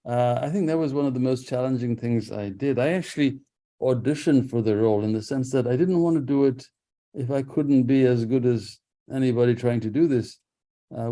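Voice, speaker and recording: A man speaking as an author guest on a radio interview, thoughtful and unhurried, with restarts and soft laughs. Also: mid-range voice. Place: radio studio.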